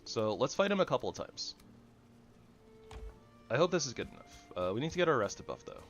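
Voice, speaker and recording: A man giving goofy, rambling commentary over his own gameplay, jumping between loud excitement and soft mumbling. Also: mid-range voice, a little fast, highs cut off, soft background music. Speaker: gaming channel host.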